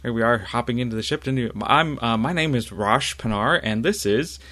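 A man's voice: mid-range voice, a little fast, sharp tone, close to an everyday voice. Man playing an earnest young student.

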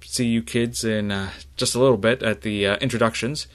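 A man puts on a male Jedi battle master who teases and then steadies new recruits. His voice is friendly and unhurried, a little raised above the narration, with frequent pauses. It is a low male voice lifted slightly for the role. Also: fairly even intonation, natural voice. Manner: teasing, then reassuring.

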